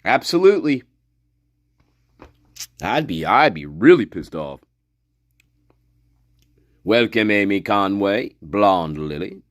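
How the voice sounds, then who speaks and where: A man's voice: on the low side, sing-song, slow pace, long pauses, no room sound, studio quality. A man hosting a livestream, reading chat and ranting with scorn and heavy swearing. He laughs often and trails off into mutters. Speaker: livestream host.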